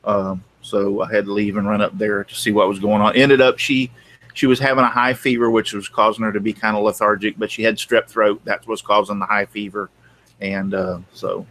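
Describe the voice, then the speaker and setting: A man's voice: fairly low pitch, little pitch movement, a little fast, a bit bright. A man, a grandfather co-hosting a casual live-stream chat who rambles and repeats himself. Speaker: co-host.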